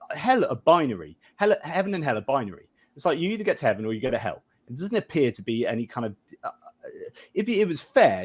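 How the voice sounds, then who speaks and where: A man guests on a casual podcast and makes his case with real energy. His voice sits in a middle pitch but swings widely up and down, and he often restarts sentences while he hunts for the right word. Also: slightly rough. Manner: lively, argumentative, searching for words. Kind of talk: casual discussion.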